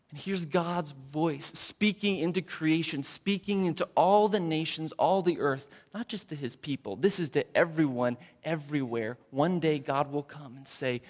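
Preacher man, slow and swelling. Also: a little high. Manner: swings from soft, near-whispered lines to loud, proclaiming crescendos. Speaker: pastor. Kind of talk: sermon.

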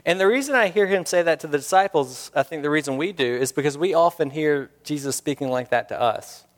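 A man's voice: a little high, a little fast. A man preaching a sermon, earnest and searching, asking the congregation questions and repeating key lines for emphasis. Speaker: pastor. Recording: long hall reverb.

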